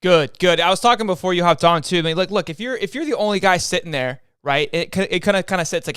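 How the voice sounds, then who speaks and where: A young man hosting a casual sports talk stream, energetic and repeating his words as he goes. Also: high-pitched, fast, hardly any pauses, clear, resonant tone, no room sound, clean studio sound. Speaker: host.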